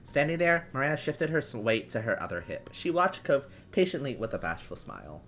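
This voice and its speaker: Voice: mid-range voice, sing-song, fairly quick, a bit bright, soft background music. A host narrating an interactive story in second person, laughing now and then while reading.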